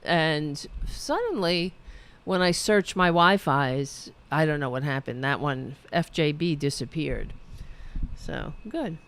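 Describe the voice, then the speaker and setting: A woman's voice: low-pitched, lively intonation, slow pace, fairly bright tone. A woman hosting political commentary, ranting in a profane, sarcastic and heated way and reading out viewer chat. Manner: reads viewer chat aloud.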